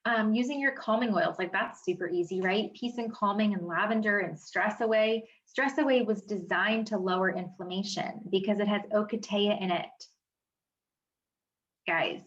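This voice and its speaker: A woman's voice: mid-range voice, normal speed, muffled recording, slight background noise. A woman giving a casual wellness seminar from her home office, chatty and emphatic, with many fillers. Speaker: wellness educator.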